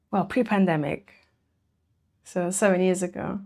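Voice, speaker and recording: Chatty woman with a creaky voice. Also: mid-range voice, a little slow, long pauses, darkish tone. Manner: chatty, laughs often, greets and answers chat. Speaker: artist streaming while painting. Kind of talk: casual livestream chat with viewers.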